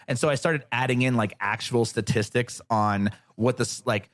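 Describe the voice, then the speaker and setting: A man's voice: medium pitch, moderate pace, hardly any pauses, no room sound. A podcast guest tells a story in a casual, sarcastic way, dropping profanity as he gets fired up. His voice sits in the middle range, and it's recorded dry and close with no room sound.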